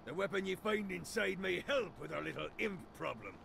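Gravelly pirate captain, boastful, high-pitched, game audio, noisy backdrop. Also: male voice, animated, brisk, fairly bright tone, heavily acted.

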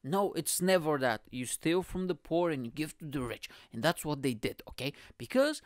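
A man from Bulgaria with a Bulgarian accent, hosting a podcast and telling a story as a comic monologue with animated, exaggerated asides. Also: on the high side, normal speed, dry recording, clean studio sound. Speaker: podcast host. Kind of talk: comedic monologue.

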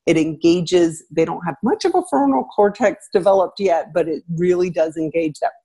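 Here is a middle-aged woman with a husky, slightly low voice, talking through parenting tips in an easy interview. She is animated and now and then jumps up high to act out a parent or child. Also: normal speed. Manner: animated, acts out parents and kids in a raised voice. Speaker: parenting guest expert, former teacher. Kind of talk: conversational advice interview.

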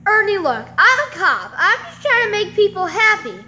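A woman's voice: very high voice, very animated, normal speed, sharp tone, slight background noise, pitched above the performer's own voice, exaggerated voice. A woman voicing Batman, an earnest male cop who narrates a homemade mini movie in a melodramatic way. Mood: bossy. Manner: earnest, melodramatic, hums "dun dun" stings.

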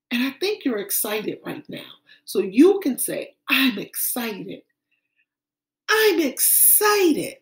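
A woman teacher speaking to little kids in a high voice. She takes her time, drawing out each step in a gentle, sing-song way. She calls her young listeners friends as she walks them through the lesson. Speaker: kindergarten teacher. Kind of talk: social-emotional lesson for young children.

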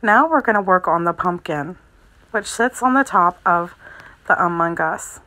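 A woman with a slightly low voice walks through a crochet project one step at a time. She talks calmly and methodically, describing each stitch as she makes it. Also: a little slow, poor audio. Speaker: crochet instructor. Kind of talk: step-by-step craft tutorial.

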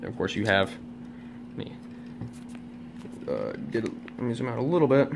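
A man's voice: medium pitch, very animated, normal speed, gravelly, noisy background. A man reviewing a toy at home on camera, rambling and self-deprecating, with many fillers and restarts. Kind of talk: casual unscripted review. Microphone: camera on a tripod.

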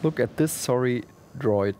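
Slow, joking man over game noise. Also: mid-range voice, a little mellow. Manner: joking, self-mocking, slow and drawn out. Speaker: let's play host. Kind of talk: casual gameplay commentary.

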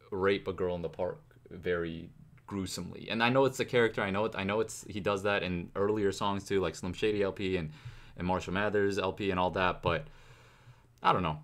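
A young man with a fairly low voice talks casually through a song reaction. He slows down to recite lyrics and picks apart the rhyme scheme as he goes, in a loose, analytical way. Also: fairly bright tone. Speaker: music reaction host.

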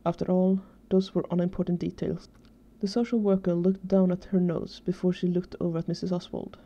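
A woman reading fan fiction aloud in a steady, even way. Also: on the low side, fairly quick. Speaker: fanfiction reader. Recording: dull lo-fi recording.

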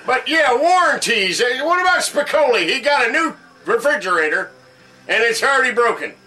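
Two old male news correspondents trade loose, jokey banter, as one man voices both. The voice sits high for a man and sounds bright and forceful. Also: very animated, normal speed, heavily acted. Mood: joking. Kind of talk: comedy sketch chat.

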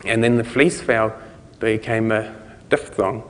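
A man's voice: fairly low pitch, steady tone, a little slow. A man with a New Zealand accent giving a conference talk in a loose, rambling way, with many fillers, restarts and chuckling asides. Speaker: conference speaker. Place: lecture hall. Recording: lecture hall with long reverb.

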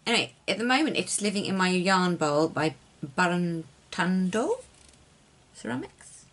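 Soft, husky woman chatting. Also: on the low side, big pitch swings, measured pace. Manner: rambling, softly spoken, drops to near-whispers. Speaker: knitting designer and yarn dyer. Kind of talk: casual chatty craft vlog.

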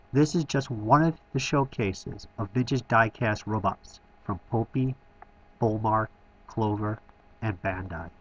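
A man's voice: fairly low pitch, fairly bright tone, muffled recording. Man narrating a toy shop tour. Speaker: toy store reviewer. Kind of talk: scripted voice-over narration.

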